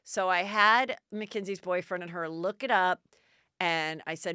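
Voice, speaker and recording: A woman's voice: fairly low pitch, measured pace, pushed and bright, clean tone, dry recording, clean studio sound. A middle-aged woman podcast host telling a story in a casual, chatty way and acting out the dialogue in bursts.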